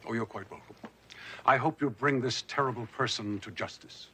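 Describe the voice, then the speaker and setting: A man's voice: medium pitch, moderate pace, fairly bright tone, a little hiss or hum, natural voice, rough recording. An actor playing a feeble old male professor who hides a villainous past, wry and evasive. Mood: sly. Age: older.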